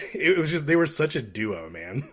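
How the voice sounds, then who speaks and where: A man's voice: fairly high pitch, very animated, normal speed, a bit bright, breathy edge. A man co-hosting a podcast, talking in an easygoing, rambling way. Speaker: podcast co-host. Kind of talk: casual chat.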